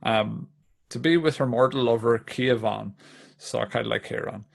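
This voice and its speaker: Irish guy on a podcast, super gravelly voice, rambles through old legends, laughs a lot. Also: mid-range voice, normal speed. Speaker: podcast co-host. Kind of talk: casual podcast chat.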